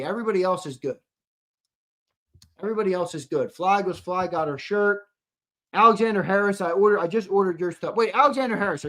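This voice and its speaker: A young man co-hosts a live fan show, his voice sitting high and a little bright. He chats loosely with viewers, swearing and repeating his lines as he reads out comments in a casual stream.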